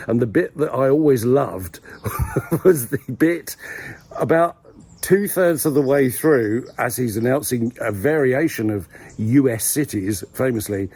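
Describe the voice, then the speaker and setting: Wry husky man rambling. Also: medium pitch, dark tone. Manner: wry, dry humour, hesitant with many ums. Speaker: vlogger. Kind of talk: casual rambling monologue. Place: village graveyard outdoors.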